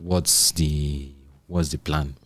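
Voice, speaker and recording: A man's voice: very deep voice, fairly even intonation, slow, husky, no echo. A man hosting a tech podcast, asking questions in a casual, playful conversational way. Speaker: podcast host.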